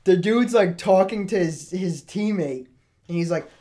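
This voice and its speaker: A man co-hosting a casual chat, telling gaming stories and acting out quotes with big jumps in pitch. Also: unhurried, warm tone, a little hiss or hum. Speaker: podcast co-host.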